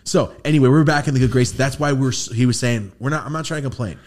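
A man hosting a casual podcast, telling a story with lots of swearing. His talk swings from hushed asides to loud, high quoted outbursts. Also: fast talker. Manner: profane, rambling. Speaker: podcast host.

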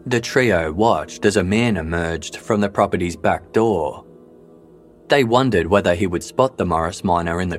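A man narrating a true-crime story in a measured, scripted way. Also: deep voice. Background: faint background music.

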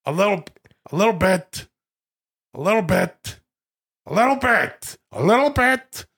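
A man putting on a gruff older movie star's voice, mumbling and repeating one short phrase again and again. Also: sits high, very animated, a little slow, fairly bright tone, voice pushed up, heavily acted. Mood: insistent. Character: gruff older male film star impression.

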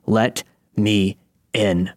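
A man voicing a menacing, gruff male stranger with a gravelly, snarling voice in a spoken horror story. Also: low-pitched, fairly even intonation, no room sound, clean studio sound, heavily acted. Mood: threatening. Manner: slow, threatening delivery.

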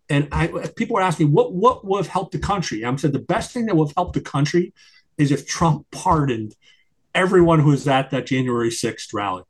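An older man talking as a guest in an interview, rambling with many restarts and climbing higher when worked up. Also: breathy edge. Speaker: guest, retired FBI agent and attorney. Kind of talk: conversational interview.

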